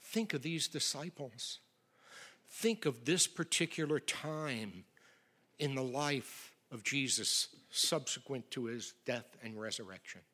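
A middle-aged male pastor preaching a sermon with emphatic swings from loud declarations to near whispers. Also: medium pitch, animated, takes it slowly.

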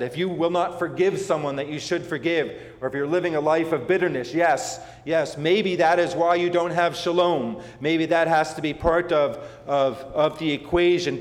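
A male preacher delivers a sermon in a fairly high voice, leaning on repetition and stopping to restart his phrases. The sound rings with a long, roomy reverb, as if he is recorded in a large church sanctuary. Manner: repetitive, emphatic, with frequent fillers and restarts. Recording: echoey hall with long reverb.

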